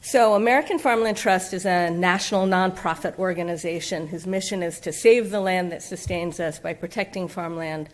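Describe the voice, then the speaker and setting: A woman's voice: lowish voice, normal speed, hardly any pauses. Conversational woman giving a lecture. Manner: conversational, with fillers, asks the audience questions. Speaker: guest speaker from a farmland nonprofit. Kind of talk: public lecture. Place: lecture room.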